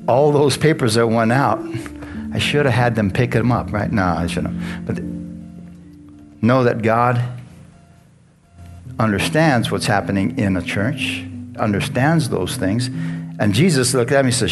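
A man's voice: mid-range voice, a little slow, pauses often. A male pastor preaching a sermon in a conversational way, asking the congregation questions as he goes. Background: guitar music.

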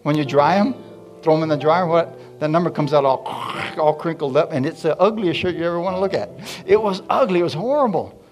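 A man's voice: fairly high pitch, fairly quick, faint music behind. A middle-aged man preaching a sermon, telling family stories and calling out to the congregation. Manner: animated, calls out to the congregation. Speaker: pastor. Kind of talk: sermon storytelling.

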